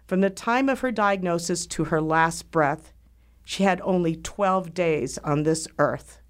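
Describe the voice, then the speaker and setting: A middle-aged woman hosting a show, speaking in a slow, earnest and heartfelt way. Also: fairly low pitch. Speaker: host. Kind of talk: scripted monologue.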